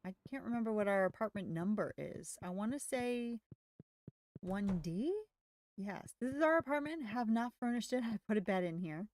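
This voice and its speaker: A woman's voice: medium pitch, expressive, normal speed, a little mellow, no room sound. Chatty woman narrating her gameplay. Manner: chatty, easygoing, thinking aloud. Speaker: gaming streamer. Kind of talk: casual gameplay commentary. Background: faint music.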